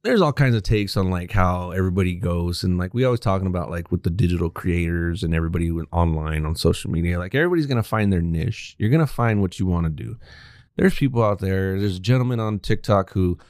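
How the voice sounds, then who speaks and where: A man's voice: sits low, fast talker, darkish tone, no room sound, clean studio sound. A man co-hosting a podcast who teases his partner, laughs often, and speaks to listeners. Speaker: podcast co-host. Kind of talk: casual podcast banter.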